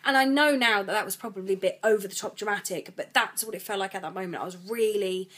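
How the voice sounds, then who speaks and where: A woman vlogging about her week, talking in long rambling runs. She is pregnant and retells events with animated energy, quoting the people involved. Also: medium pitch, fast talker. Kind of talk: chatty vlog storytelling.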